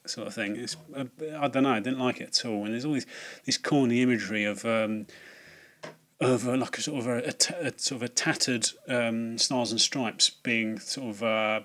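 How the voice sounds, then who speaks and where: A man's voice: mid-range voice, pushed and bright. A man giving a casual, rambling film review, full of fillers, restarts and swearing.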